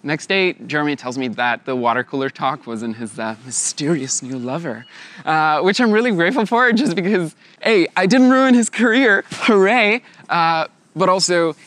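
A young man telling a personal story in a lively way, laughing often and acting out the voices of others. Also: fairly high pitch, moderate pace, no echo.

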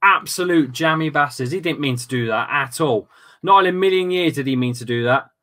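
A man hosting a football watchalong, commentating live with loud outbursts, swearing and casual banter with friends. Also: mid-range voice, animated, fairly quick. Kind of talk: excitable live match commentary.

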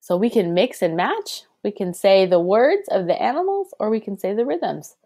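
A woman's voice: mid-range voice, lively intonation, moderate pace, warm tone. A young woman teaching a children's music lesson, chanting rhythm syllables in an encouraging, sing-song way.

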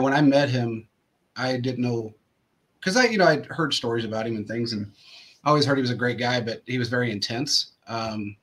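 A man's voice: medium pitch, pushed and bright. A male host telling rambling sports anecdotes in casual chat, full of fillers and restarts.

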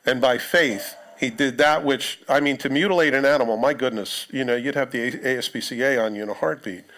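A pastor, preaching a sermon in a conversational way, with joking asides to the congregation. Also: male voice, mid-range voice, quick pace, a bit bright. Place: church sanctuary.

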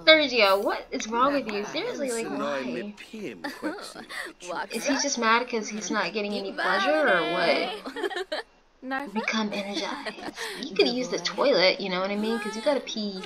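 A woman's voice: a little high, lively intonation, unhurried, a loud crowd, rough recording. A young woman giving casual, giggly commentary over a life-sim game, reacting with stammers and exclamations. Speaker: gaming YouTuber.

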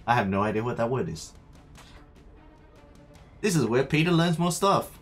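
A man's medium-pitched, animated voice moves at normal speed with frequent pauses as he streams a game. He's chatty, talking to himself and viewers during live gameplay commentary while faint game music plays behind him.

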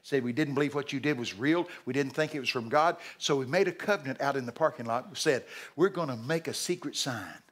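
An older man preaching a sermon, telling folksy stories and shouting out the voices of people in them. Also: mid-range voice, brisk, few pauses. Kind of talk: storytelling sermon. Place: large church hall.

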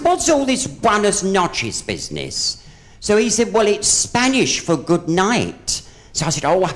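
Man, stage comic, gossipy live storyteller with a very animated voice. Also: a little high. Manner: chatty gossipy storyteller, hops in and out of voices for each character. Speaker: stand-up comedian. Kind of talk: live stand-up joke telling. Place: theatre stage with a live audience.

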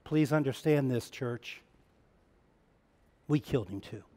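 A male pastor preaching a sermon in a church, swinging between loud emphatic runs and hushed, quiet lines. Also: mid-range voice, slow pace. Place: church sanctuary. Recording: long reverb of a church hall.

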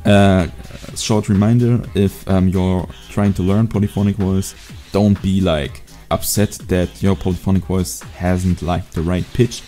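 A young man teaching a beatbox sound in a casual home video tutorial, relaxed and hesitant, with many fillers. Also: deep voice, a little slow, hardly any pauses, soft background music. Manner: laid-back, hesitant with fillers. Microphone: USB desk mic.

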